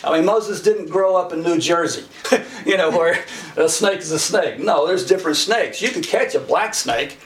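A middle-aged man with a fairly high, slightly bright voice preaches at a moderate pace, folksy and funny, chuckling often and acting out the characters he quotes. The recording is distant and echoey, with faint noise.

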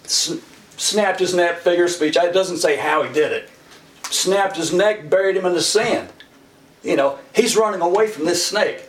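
A man's voice: sits high, moderate pace. A middle-aged man preaching a sermon in a folksy, humorous way, chuckling often and acting out the characters he quotes. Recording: echoey room from far off with faint noise.

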